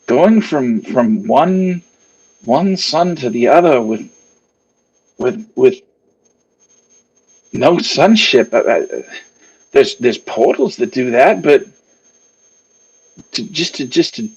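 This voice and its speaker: A man's voice: mid-range voice, lively intonation, slow, pauses often, a little mellow, husky, lo-fi sound, full character voice. A man voicing a nervous craftsman who stammers and trails off as he explains. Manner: stammering, hesitant.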